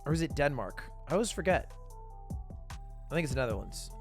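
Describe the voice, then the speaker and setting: A man's voice: a little high, sing-song, fairly quick, soft background music. A young man streaming live, chatting casually and thinking aloud, with joking, mock-grand asides.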